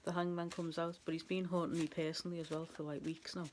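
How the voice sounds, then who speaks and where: A woman's voice: on the low side, little pitch movement, quick pace, a little hiss or hum. A woman doing a casual tarot reading to camera, chatty and rambling. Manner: chatty and rambling, laughs at herself. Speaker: tarot reader.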